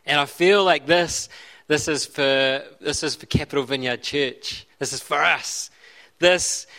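Here a man with a slightly high, sharp-toned voice preaches as a pastor. His sermon is conversational and full of restarts and side remarks that interrupt his own flow.

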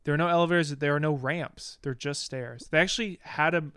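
A man's voice: fairly high pitch, fairly quick, fairly bright tone, clear, resonant tone, no room sound, clean studio sound. A young man co-hosting a podcast in casual chat, blunt and joking, swearing freely. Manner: blunt, swears, laughs often. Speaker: podcast co-host.

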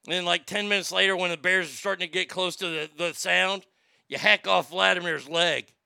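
A man hosting a live show, riffing on the news in a loud, profane, mocking rant full of stammers and jokes. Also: high voice, fairly even intonation, fairly quick, vocal fry, clear, resonant tone, no room sound, studio quality. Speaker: live show host reading chat.

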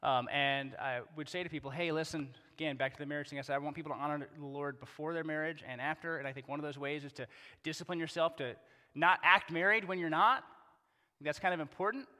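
Animated male pastor, bright voice, hall reverb. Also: on the high side, fast. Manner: conversational, animated preaching with repeated rhetorical questions. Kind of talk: sermon.

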